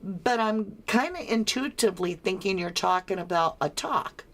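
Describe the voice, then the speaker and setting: A woman's voice: mid-range voice, animated, moderate pace. An American woman hosting a casual true crime livestream, reading viewer comments aloud and answering them with frequent chuckles. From United States.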